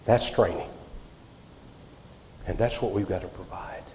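A man preaching a sermon, swinging from loud outbursts to hushed, quiet lines. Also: sits low, a little slow, slight background noise. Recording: echoey hall, reverb.

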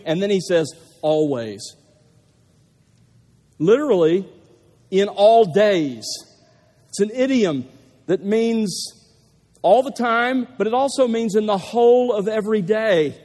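High-voiced emphatic male preacher in a hall. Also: darkish tone. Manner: emphatic, building to stressed repetitions. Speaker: pastor. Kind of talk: sermon. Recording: long reverb of a large hall.

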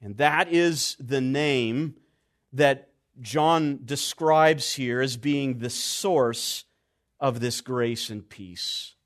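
A man preaching an expository sermon, stressing key words deliberately and letting his voice drop low and quiet at the ends of phrases.

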